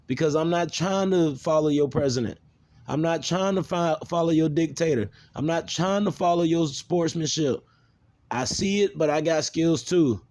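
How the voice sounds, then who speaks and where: A man's voice: a little high, moderate pace, a little mellow. Blunt, profane man. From American South. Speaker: video maker. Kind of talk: unscripted monologue.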